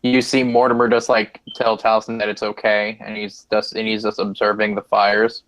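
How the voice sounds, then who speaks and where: A man's voice: on the low side, completely flat delivery, a bit bright, dry recording, low-quality recording. A young man running a tabletop game as game master, talking casually with frequent halts and swearing. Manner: casual, halting, swears freely.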